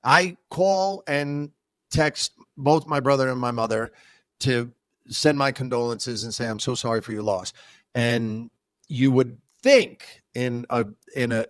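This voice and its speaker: A man co-hosting a podcast in casual chat, telling personal stories with lively acted-out dialogue and frequent stammered restarts. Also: mid-range voice, no echo. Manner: animated storyteller who acts out both sides of dialogues. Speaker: podcast co-host.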